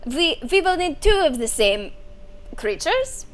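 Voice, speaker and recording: A woman's voice: extremely high pitch, very animated, a little slow, fairly bright tone, voice pushed up, heavily acted. Woman doing a bad German mad doctor. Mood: sinister. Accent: put-on German. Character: eccentric German mad-scientist mycologists, male.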